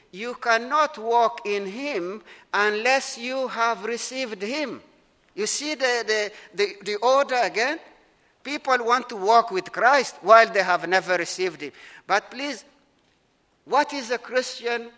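Emphatic preacher in an echoing hall. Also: male voice, extremely high pitch, sharp tone. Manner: earnest, emphatic preaching with slowed stresses and repeated phrases. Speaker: pastor. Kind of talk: sermon. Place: church. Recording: long reverb of a large hall.

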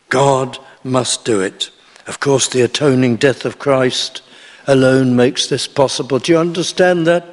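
Slow earnest preacher in a reverberant hall. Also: male voice, mid-range voice. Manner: earnest, pleading, rising emphasis on key words. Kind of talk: sermon.

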